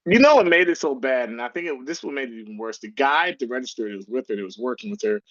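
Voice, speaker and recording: A man chatting on a gaming podcast, telling a story with quoted lines in different tones. His voice sits at a middle pitch. The sound is dry and a little dull and lo-fi. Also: racing, a crowd in the background. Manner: animated storyteller acting out quotes. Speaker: podcast co-host. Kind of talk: casual chat.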